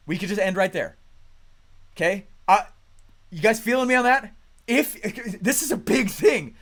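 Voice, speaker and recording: A man with a fairly high voice gives a motivational coaching talk. He speaks with energy and emphasis, telling stories quickly and conversationally, and sometimes breaks into loud, pressing bursts. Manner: quick, conversational storytelling with restarts. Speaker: business coach.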